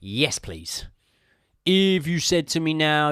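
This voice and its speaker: A man's voice: on the high side, lively intonation, measured pace, fairly bright tone, clear, resonant tone, dry recording, clean studio sound. A man hosting a podcast, chatting casually about football, opinionated and swearing freely with rambling asides. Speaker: podcast host. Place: podcast room.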